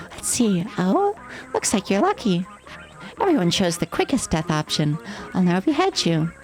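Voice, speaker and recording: A woman's voice: medium pitch, big pitch swings, takes it slowly, long pauses, soft background music, poor audio. A woman voicing a gleeful, sadistic female TV game show host in a mocking, theatrical way. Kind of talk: voicing game dialogue on stream.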